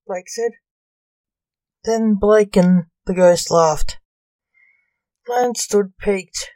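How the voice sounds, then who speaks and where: A woman reading a comic story aloud in a measured, gently expressive way. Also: mid-range voice, no room sound, poor audio.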